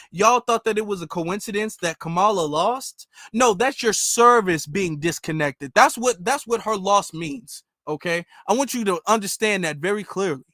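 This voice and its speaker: Man, high voice, dry close sound, casual emphatic political commentary with a mock service-call bit. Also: pushed and bright, no room sound. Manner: mock customer-service skit, repetitive and emphatic.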